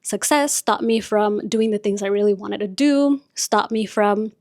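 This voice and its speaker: A woman's voice: medium pitch, unhurried, a little mellow, dry recording, studio quality. A young woman whose first language is Spanish, hosting her podcast in a chatty, confiding way, often saying "like" and "you guys". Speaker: podcast host. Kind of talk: casual chat.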